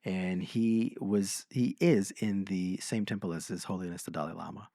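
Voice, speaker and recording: A man co-hosting a podcast, telling stories in a casual chat and slowing down for emphasis. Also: low voice, gravelly, dry recording, clean studio sound. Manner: animated storyteller, slows for emphasis. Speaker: podcast co-host.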